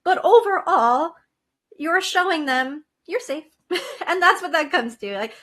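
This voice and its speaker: Giggly bright-voiced woman guest. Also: extremely high pitch, measured pace. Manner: laughs often, playful and animated. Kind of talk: casual podcast conversation.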